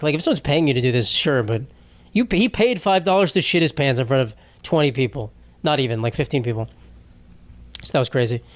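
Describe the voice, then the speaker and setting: Slightly high-voiced rambling podcast host. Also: male voice, no echo. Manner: rambling, profane storytelling. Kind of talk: solo podcast monologue.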